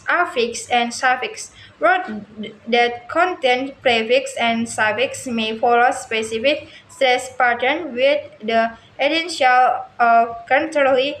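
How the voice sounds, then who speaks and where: High-pitched woman reading slow, lots of restarts, echoey room, a bit of noise behind. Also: a bit bright. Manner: slow careful reading with frequent stumbles and restarts. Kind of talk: reading a lesson text aloud.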